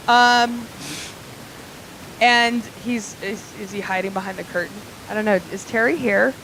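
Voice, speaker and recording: A woman's voice: mid-range voice, a little slow, a bit bright, a little hiss or hum, low-quality recording. A woman stand-up comedian telling crude, rambling stories with lots of fillers, recorded live in a small comedy club.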